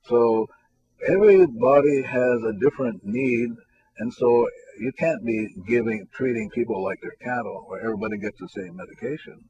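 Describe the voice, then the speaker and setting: A man being interviewed as a spiritual teacher, telling stories in a relaxed, soft-spoken way, his phrases often trailing off quietly. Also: medium pitch, moderate pace, slightly rough. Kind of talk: relaxed conversational storytelling. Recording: dull lo-fi recording with faint music.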